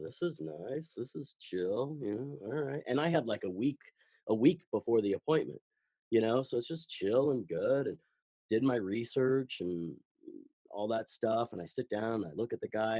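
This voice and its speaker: A man who is an actor and voice actor, telling casual, animated anecdotes in an interview and acting out the quotes. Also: lowish voice, no room sound.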